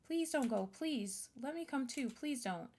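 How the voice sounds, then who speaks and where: A woman's voice: high-pitched, animated, unhurried, a little mellow, a little hiss or hum, voice pushed up. A woman voicing a grieving young woman who lost her father and turns hostile, then pleading. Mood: tense.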